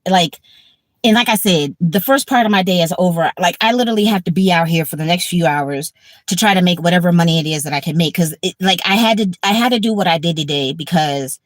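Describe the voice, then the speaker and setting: A woman's voice: fairly low pitch, no echo. A woman in her fifties, tired and blunt, talking casually on a livestream with profanity and repetition. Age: 50s. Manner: blunt, profane, repeats herself. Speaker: livestream host.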